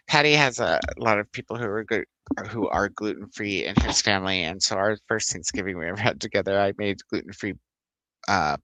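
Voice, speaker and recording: A man's voice: fairly low pitch, bright, forceful tone, dry recording. A man hosting a book club livestream, chatting casually, rambling, laughing often and reading out viewer comments.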